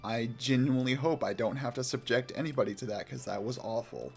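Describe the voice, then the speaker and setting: Guy from oklahoma rambling on a game stream, kinda low gravelly voice, music going behind. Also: brisk. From Oklahoma, United States. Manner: rambling, chatty, reacts aloud to the game. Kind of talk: casual live-stream chat while gaming.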